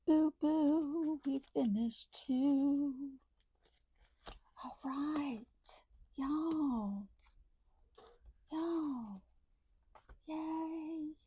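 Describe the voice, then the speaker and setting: A woman chatting casually to viewers while counting out savings, talking soft and low close to the mic. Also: slightly rough, dry recording. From Texas. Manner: chatty, soft and low, says y'all often. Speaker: budgeting vlogger.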